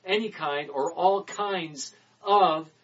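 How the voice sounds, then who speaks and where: Male preacher, sermon delivery: emphatic repeated declarations, quick asides, husky tone. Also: on the high side, fairly bright tone, highs cut off.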